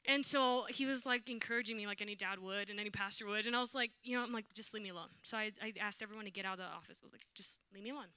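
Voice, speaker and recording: A young woman worship leader telling a lively testimony in church, acting out the voices of the people in her story. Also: mid-range voice, rapid-fire, few pauses, clean tone, dry recording. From Southern California, USA. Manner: animated, acts out quoted voices. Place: church sanctuary.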